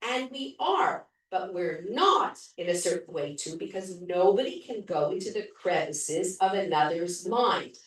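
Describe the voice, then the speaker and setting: A middle-aged woman muses slowly and earnestly, searching for her words, as a woman reads her lines aloud. The voice rings through a very echoey room, caught from a distance. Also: lowish voice, animated.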